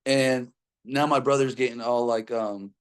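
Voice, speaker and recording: A man's voice: mid-range voice, fairly even intonation, measured pace, smooth. A young man casually telling a personal story, rambling with frequent fillers and heavy swearing.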